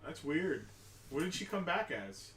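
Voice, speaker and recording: A woman's voice: low voice, sing-song, a little slow, far from the mic, slight background noise. A woman co-hosting a live stream in casual chat, playful and joking. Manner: playful, bursts into silly scat singing. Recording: echoey, off-mic, with music behind.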